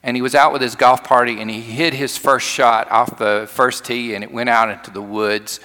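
A man preaching a sermon in a church, telling stories in a folksy way that swings from loud to hushed. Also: mid-range voice, fairly even intonation, moderate pace, big-room sound. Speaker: pastor.

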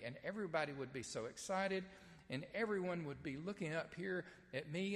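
A man preaching a sermon to a nearly empty church, speaking in a conversational, earnest way with hesitant restarts. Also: on the high side. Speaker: pastor. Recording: long church reverb.

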